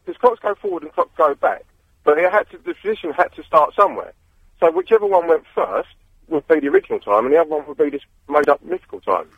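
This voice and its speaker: A male caller rambles through his question over a tinny phone line. His voice is fairly high and husky, with lively ups and downs. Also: fast talker, no echo. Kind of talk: phone-in chat.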